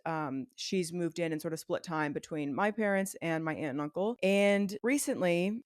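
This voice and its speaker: A woman's voice: lowish voice, dry recording, clean studio sound. Chatty, candid young woman podcaster. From Virginia, USA. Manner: chatty, candid, emotional, swings between excited and teary. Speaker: podcast host. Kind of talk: solo stream-of-consciousness podcast chat.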